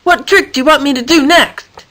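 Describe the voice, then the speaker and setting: A woman voicing an eager, excitable male circus animal in a children's story. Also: high-pitched, normal speed, voice pushed up.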